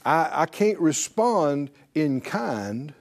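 A man's voice: on the high side, very animated, takes it slowly, vocal fry. A middle-aged man teaching a sermon in a chatty, folksy way, often laughing and acting out the people he quotes. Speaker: pastor teaching a faith class.

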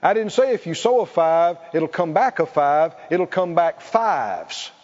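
A man's voice: on the high side, big pitch swings, unhurried, darkish tone, in a large hall. A man preaching a sermon, leading the congregation in call-and-response and laughing between points. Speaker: pastor. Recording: muffled church recording.

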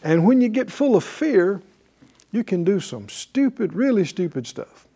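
A man preaching to a class, animated, asking them questions and acting out quotes. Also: high voice, a little slow, vocal fry, husky. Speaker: bible teacher.

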